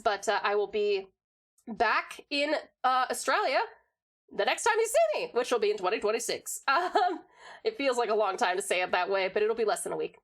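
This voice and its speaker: A woman chats casually with her live stream audience and dotes on them with pet names. Her voice sits high, and its pitch moves around a lot. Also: fairly bright tone. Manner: affectionate, doting on chat with pet names.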